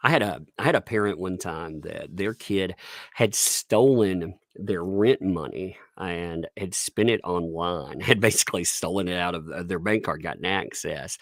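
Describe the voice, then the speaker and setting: A man chatting as a guest, telling stories in a relaxed way and laughing often. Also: low voice, normal speed, dry recording, clean studio sound. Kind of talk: casual chat.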